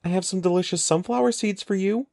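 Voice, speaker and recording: A man's voice: sits high, quick pace, gravelly, darkish tone, dry recording, clean studio sound, voice pushed up. A man voicing a panicky young schoolboy, pleading and frantic in a raised voice. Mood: coaxing.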